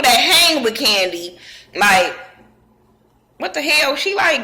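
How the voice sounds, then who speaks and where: A woman's voice: a little high, very animated, moderate pace, bright, forceful tone, low-quality recording. A woman casually recapping a reality show episode in slangy, profane talk, acting out what the cast said. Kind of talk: casual recap with acted-out quotes.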